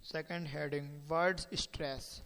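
A man teaching a lesson by slow dictation, reading points aloud and spelling words out letter by letter. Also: on the high side, fairly even intonation, sharp tone, clean tone, big-room sound, rough recording.

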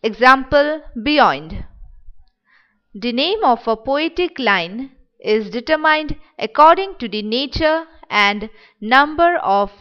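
Slow, clear-voiced woman reading a lesson. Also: sits high, animated, lo-fi sound. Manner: spells words out letter by letter. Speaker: teacher. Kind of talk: slow read-aloud lesson.

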